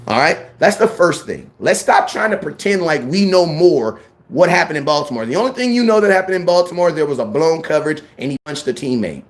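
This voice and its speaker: A man hosting a sports fan channel, ranting his opinions in a blunt, slangy, animated way. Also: on the high side, a little fast. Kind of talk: fired-up sports opinion rant.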